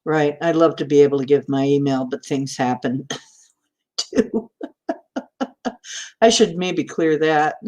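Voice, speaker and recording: A radio-trained woman with a flat Midwestern announcer accent, hosting a casual livestream and chatting with viewers as she reads their comments, laughing often. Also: sits low. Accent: flat Midwestern American, announcer style. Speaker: host of a spiritual livestream.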